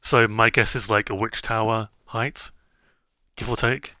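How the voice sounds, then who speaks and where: A man's voice: on the low side, level tone, a little slow, bright, forceful tone, a little hiss or hum. A man streaming a game, chatting casually in a rambling way, with many fillers and self-interruptions. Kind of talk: casual gameplay chat.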